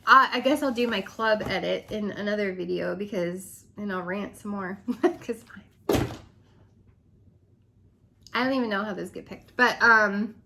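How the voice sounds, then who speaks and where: A woman's voice: mid-range voice, a little slow, vocal fry, long pauses, pushed and bright, a little hiss or hum. A woman sales consultant ranting in a casual vlog, laughing often and dropping into dramatic whispers, her voice a little worn. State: losing her voice.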